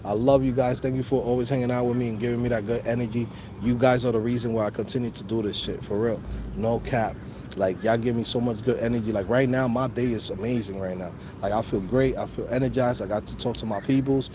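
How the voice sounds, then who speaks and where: Brief: loose, slangy New York-accented host, mid-pitched, swears a lot, phone mic outdoors with traffic noise. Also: male voice, fairly even intonation, fast talker. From Dominican Republic. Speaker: host of a coding channel livestream. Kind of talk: casual livestream chat.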